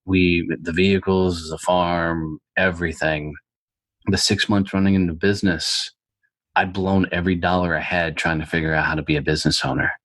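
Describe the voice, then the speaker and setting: A middle-aged American man with a low-pitched voice tells his story as a podcast guest at a moderate pace, with no room sound. He's blunt, animated and swears heavily throughout the interview.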